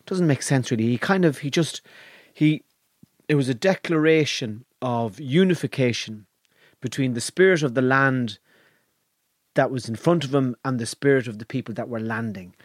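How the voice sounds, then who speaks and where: An Irish man, a podcast co-host, retelling an old legend in a hushed, measured way with dramatic pauses. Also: mid-range voice, no echo, studio quality. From Ireland. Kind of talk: casual storytelling.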